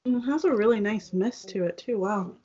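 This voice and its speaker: A woman's voice: medium pitch, brisk, mellow, a little hiss or hum. A young woman co-hosting a casual makeup chat, talking loosely with lots of "like" fillers, on a dull lo-fi recording. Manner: chatty, fillers of "like" throughout. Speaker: co-host.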